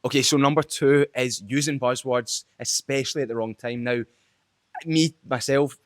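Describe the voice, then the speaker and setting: A man's voice: mid-range voice, fairly even intonation, normal speed, no room sound. A young man giving blunt, casual sales advice straight to camera, swearing freely as he talks. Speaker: sales trainer. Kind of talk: direct-to-camera sales tips video.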